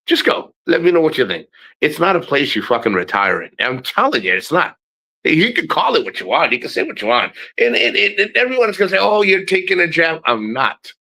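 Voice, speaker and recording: A man's voice: fairly high pitch, very animated, fairly quick, creaky, bright, forceful tone, slightly rough, poor audio. A middle-aged man rambling casually in a travel vlog, blunt and profane, laughing often. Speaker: travel vlogger.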